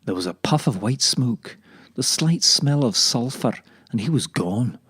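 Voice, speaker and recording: A man voicing a rambling old male kale leaf, telling stories in a dry deadpan comic monologue. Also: mid-range voice, slightly rough, dry recording. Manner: dry deadpan, drawn-out delivery.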